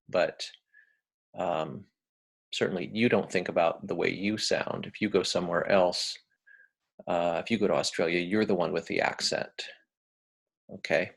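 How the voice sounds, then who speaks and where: Man, American accent, lecturer, deep voice, gravelly, halting with fillers. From United States. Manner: relaxed, hesitant, many ums and uhs.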